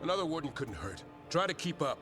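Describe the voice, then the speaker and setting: A gruff man monster hunter speaks curtly and warily. His pitch moves a lot. Faint game music plays behind him. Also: sing-song, fast talker, fairly bright tone. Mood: wary. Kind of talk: video game voice acting.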